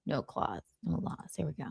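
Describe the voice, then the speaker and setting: A woman's voice: low voice, creaky, darkish tone, breathy edge, dry recording, studio quality. A woman hosting a livestream, giving casual gossip commentary in a sarcastic, profane rant. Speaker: livestream host.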